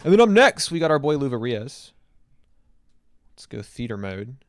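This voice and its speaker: A man's voice: mid-range voice, sing-song, moderate pace, no room sound. A man casually reviewing a submitted track on a livestream, giving thoughtful and encouraging feedback. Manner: thoughtful, encouraging critique with casual filler words. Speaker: music review streamer.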